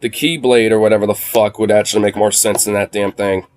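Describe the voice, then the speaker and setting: A man with a low-pitched voice, chatting casually on a game stream. He swears freely and laughs often, and drops into a soft, cooing baby talk whenever he speaks to his dog. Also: steady tone, brisk. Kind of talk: casual gaming stream chat.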